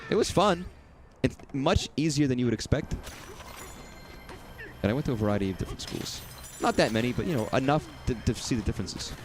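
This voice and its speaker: A young man streams a video game, rambling through profane, jokey asides at a mid-range pitch. Faint game music plays quietly behind him. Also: expressive, a little fast. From southern US. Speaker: gaming streamer. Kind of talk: casual let's-play commentary.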